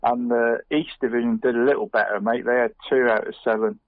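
On dull, dry podcast audio, a middle-aged co-host from Cornwall speaks a little fast in a medium-pitched, steady voice. He's chatty and casual, tucking "mate" into nearly everything he says.

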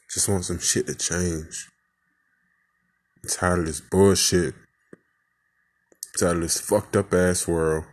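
A man with a very low voice rants at a slow, heavy pace, angry and swearing as he vents. He rambles through rhetorical questions about what is wrong with the world. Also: steady tone. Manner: angry, profane, venting. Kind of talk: frustrated personal rant.

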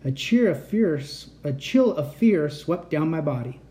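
Animated bedtime storyteller. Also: mid-range voice, a little slow. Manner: animated, expressive reading.

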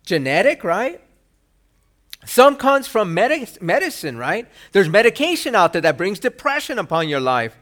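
A male pastor preaching a sermon. He asks rhetorical questions and acts out quoted lines with sudden loud bursts. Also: sits high, big pitch swings, normal speed.

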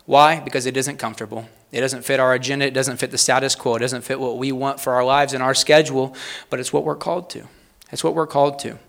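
A man preaching a sermon, reading quotes aloud with rising emphasis and pausing to talk plainly to the congregation. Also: mid-range voice, level tone, creaky, a bit bright. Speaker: pastor.

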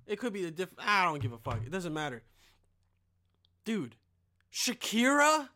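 A man's voice: a little high, animated, moderate pace, bright, forceful tone. A young man hosting a podcast, rambling and joking with lots of swearing. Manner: rambling, profane, jokey. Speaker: podcast host. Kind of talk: casual podcast monologue.

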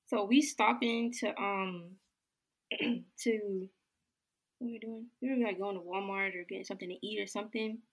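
A woman's voice: mid-range voice, fairly even intonation, normal speed, breathy edge. A woman chatting casually, talking in a loose way full of fillers. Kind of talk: casual chat.

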